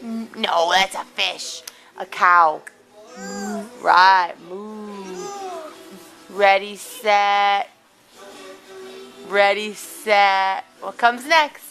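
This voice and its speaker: A woman filming her toddler at home on a handheld camcorder, coaxing him in slow, sing-song baby talk. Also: medium pitch, vocal fry, bright, forceful tone, faint music behind. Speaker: mother talking to her toddler. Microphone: handheld camcorder mic.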